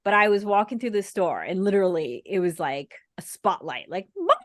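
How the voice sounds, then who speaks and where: A woman's voice: medium pitch, big pitch swings, normal speed, no room sound. Chatty woman, dry close sound. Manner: chatty, laughs often. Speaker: co-host. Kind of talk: casual chat.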